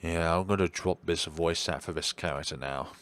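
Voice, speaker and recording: A man's voice: low-pitched, steady tone, normal speed, background noise. A man commenting on a horror game and reading its lines aloud in shifting voices. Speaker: gameplay commentator. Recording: game music behind the voice.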